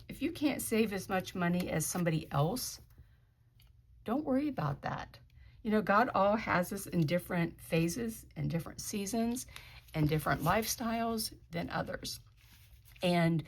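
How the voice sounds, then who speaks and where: Soft-spoken woman counting cash. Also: on the low side. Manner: counts bills aloud softly, then gets emotional and encouraging. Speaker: budgeting vlogger. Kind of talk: casual budgeting vlog, counting cash.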